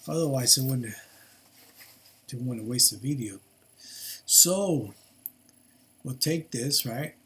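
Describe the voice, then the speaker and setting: Older male tutor, slow and rambling, bright tone, casual screen-share coding lesson. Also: mid-range voice, husky. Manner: rambling, thinks aloud with many fillers and restarts. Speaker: programming tutor.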